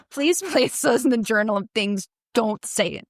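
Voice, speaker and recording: Podcast co-host, woman, lively storyteller voice, dry close sound. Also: fairly high pitch, measured pace, no room sound. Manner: animated storyteller, acts out quotes. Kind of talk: casual chat.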